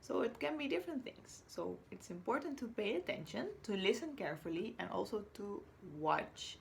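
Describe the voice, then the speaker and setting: A woman teacher from Chile giving a slow, patient recorded spelling lesson to young children, now and then whispering or acting out a word. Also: mid-range voice, animated, gravelly, a little hiss or hum. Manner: patient, drawn-out words, whispers or acts out words as examples.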